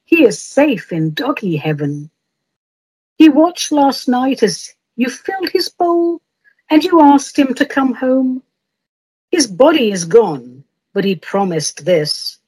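A woman's voice: high-pitched, expressive, takes it slowly, darkish tone, husky, heavily acted, rough recording. A woman voicing a kindly, cheerful old male medium in comic verse, speaking in a soothing, sweet way.

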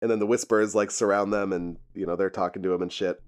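Dude rambling thru a show recap, laughs a lot, swears, just casual chat. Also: male voice, deep voice, steady tone, fast talker, clear, resonant tone. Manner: rambling, laughs often, profane. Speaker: podcast host recapping a TV episode.

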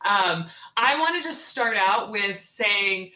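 A woman's voice: medium pitch, animated, takes it slowly, pushed and bright, roomy sound, rough recording. A woman from Seattle, a real estate investor and podcast guest, telling her story earnestly and repeating words for emphasis. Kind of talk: personal story in an interview.

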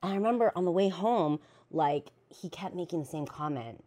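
A woman with a low voice tells personal stories on her podcast. She talks in casual, slangy language, curses freely, and laughs often as she goes. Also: expressive, brisk, dark tone. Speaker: podcast host. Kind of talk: personal storytelling monologue.

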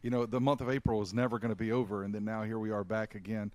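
A man's voice: fairly low pitch, level tone, fast, darkish tone, no room sound. A man co-hosting a podcast, speaking earnestly and encouragingly in casual chat. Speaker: podcast co-host.

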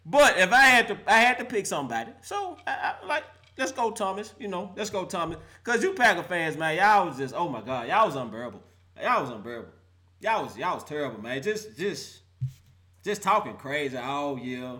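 A man's voice: a little high, very animated, fairly quick, bright, forceful tone. A man hosting a live call-in sports show, roasting players and fans with playful trash talk and frequent laughter.

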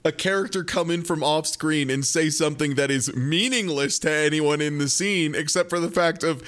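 A man's voice: fairly high pitch, normal speed, fairly bright tone. A man in a casual podcast chat, recounting favorite moments with giggly amusement.

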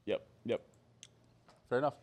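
A man's voice: unhurried, a little mellow. A man co-hosting a casual food podcast, offhand and mumbling, with the odd swear. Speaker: podcast co-host. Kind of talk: casual chat.

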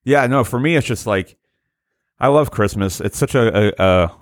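A man's voice: mid-range voice, normal speed, dry recording. A man hosting a podcast, chatting casually and rambling with fillers. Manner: laid-back, rambling with fillers. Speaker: podcast host.

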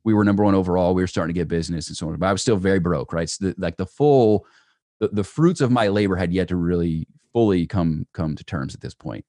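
A young man telling a personal story as a podcast guest, animated and full of "right?" asides. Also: sits low, fast talker, dry recording, studio quality. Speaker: entrepreneur guest.

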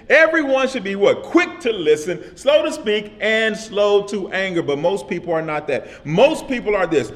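High-voiced preacher man, "amen?" asides. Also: a bit bright. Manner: repetitive call-and-response preaching with frequent "amen?"; casual vernacular speech. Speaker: pastor. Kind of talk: sermon.

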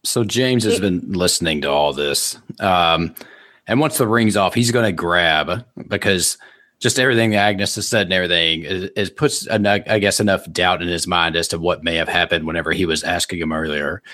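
A man's voice: sits low, moderate pace, sharp tone. A man playing a tabletop role-playing game, rambling casually as he describes his character's actions. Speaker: player.

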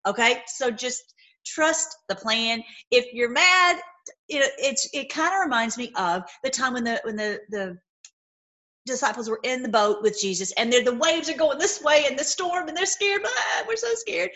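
A woman talks straight to her viewers in a loose, rambling way, often stopping and restarting her sentences. Her voice sits a little high and swings up and down with animated energy. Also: moderate pace. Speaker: online commentator. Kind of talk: casual livestream commentary.

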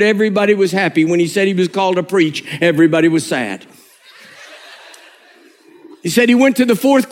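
A man preaching a sermon, telling stories in an animated, humorous way. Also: high voice.

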